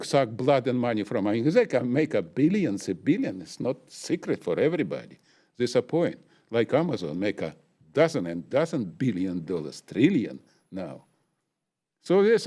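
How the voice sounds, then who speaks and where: A man at the public comment microphone of a city council, speaking emotional, broken non-native English. His pitch leaps up and down all through the rant, and his voice is middle-pitched. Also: dark tone.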